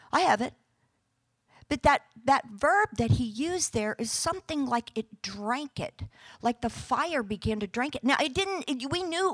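Brief: woman preacher, high voice, animated storyteller acting out scripture characters, close dry mic. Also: dry recording. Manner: animated storytelling, acts out biblical characters in casual modern speech. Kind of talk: sermon.

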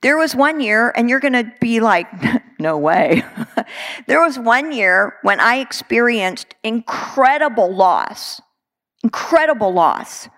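A woman's voice: a little high, expressive, slow pace, a bit bright. A middle-aged woman delivers a sermon. Her talk is earnest and conversational, loose with fillers as she speaks to the congregation. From Texas. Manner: earnest and conversational, with many "you know" fillers. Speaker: preacher.

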